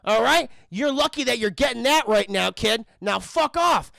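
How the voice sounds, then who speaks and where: A man's voice: very high-pitched, expressive, normal speed, vocal fry, pushed and bright, no room sound, clean studio sound, full character voice. A man voicing a stingy, dismissive male fight manager who talks in curt, brushing-off remarks.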